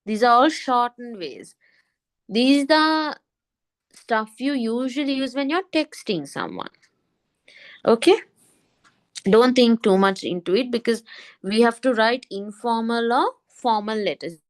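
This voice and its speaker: A woman teaching an English lesson online, often repeating a point and asking quick checking questions. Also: a little high, lively intonation.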